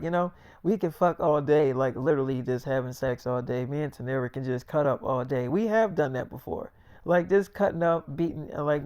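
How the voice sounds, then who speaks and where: A man's voice: fairly high pitch, a little mellow, clean tone, no room sound, studio quality. A young man rambling through a freestyle story in casual slang, repeating himself.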